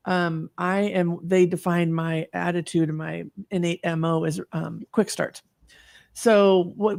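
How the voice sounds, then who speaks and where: A woman's voice: lowish voice, darkish tone, no echo. Woman in her 50s telling her story, earnest and reflective, lots of ums and restarts. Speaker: guest. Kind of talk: personal story in an online talk.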